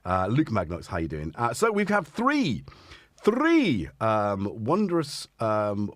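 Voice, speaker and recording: A man's voice: fairly low pitch, wildly swooping pitch, slow, fairly bright tone, slight background noise. Tired, rambling man hosting a stream. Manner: rambling, self-deprecating, playful asides to his cats. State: tired, slightly sore throat. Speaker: host of a live synth stream. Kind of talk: casual live-stream chat.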